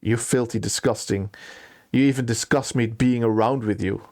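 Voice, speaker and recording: A man's voice: mid-range voice, unhurried, no room sound, natural voice. A man voicing a pompous male court steward, theatrical and overwrought, who dotes on his pet bird. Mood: contemptuous. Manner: theatrical, swings from gushing to sobbing to sneering.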